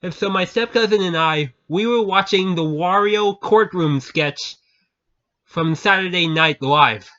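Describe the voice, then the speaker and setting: Slow-talking giggly man, lo-fi sound. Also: high-pitched, sharp tone. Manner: keeps breaking into laughter, repeats himself. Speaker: channel host. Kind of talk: casual storytelling to viewers. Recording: dull lo-fi recording.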